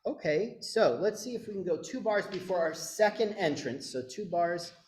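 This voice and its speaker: Animated male choir director in echoey room. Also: high-pitched, moderate pace. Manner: animated, coaching, demonstrates sung phrases. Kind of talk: rehearsal instruction.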